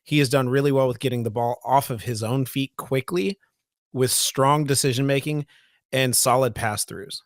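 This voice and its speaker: A man's voice: mid-range voice, normal speed, no echo. Podcast guy rambling happily about his team, dry close mic. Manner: enthusiastic, restarts and repeats words often. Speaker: podcast co-host. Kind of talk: casual sports podcast chat.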